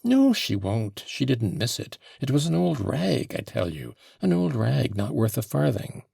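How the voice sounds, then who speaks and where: A man reading an audiobook, voicing an agitated young former soldier under questioning who turns defensive and bursts out loudly. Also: medium pitch, sing-song, unhurried, gravelly, husky, no room sound, studio quality, voice pushed up, full character voice. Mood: evasive. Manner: defensive, flaring into loud outbursts.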